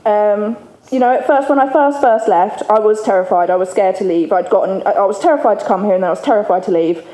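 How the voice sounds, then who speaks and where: Speaking quickly in a dark, mid-range voice, a woman shares her recovery story with an audience, candid and chatty and often laughing. It's a personal testimony delivered in an event hall, recorded with hall echo and faint room ambience.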